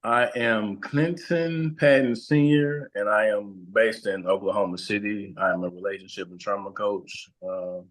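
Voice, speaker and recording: A man, a guest on an interview podcast, speaks slowly and haltingly, with many fillers and restarts as he tells a personal story. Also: lowish voice, poor audio. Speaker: guest, relationship and trauma coach.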